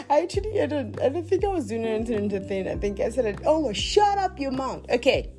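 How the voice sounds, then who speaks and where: Woman, 20s, podcast host, confessional storytelling, talks to herself, lively pitch, faint music underneath. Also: quick pace, few pauses. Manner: animated, self-talking, laughing asides.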